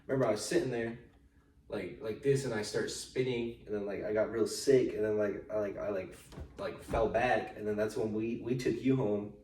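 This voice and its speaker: A man's voice: lowish voice, moderate pace, far from the mic, a little hiss or hum. Young man telling rowdy stories in a roomy space. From United States. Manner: animated storytelling, swears freely, acts out quoted people. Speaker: podcast host. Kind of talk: casual chat. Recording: echoey room, voice off-mic.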